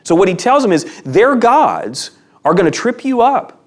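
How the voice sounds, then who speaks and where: Male Bible teacher, slightly high voice, animated and emphatic delivery, casual teaching tone. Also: normal speed. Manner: conversational, emphatic, asks rhetorical questions.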